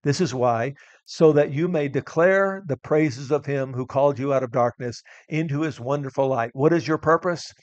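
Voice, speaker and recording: A man's voice: medium pitch, normal speed, no echo, dull audio. A man preaching a sermon as pastor, earnest and building to emphatic declarations, often restarting his words.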